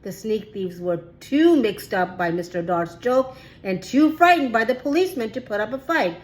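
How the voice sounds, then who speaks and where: A woman's voice: fairly high pitch, expressive, normal speed, rough recording. A woman reading a children's chapter book aloud with careful storytelling. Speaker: read-aloud host.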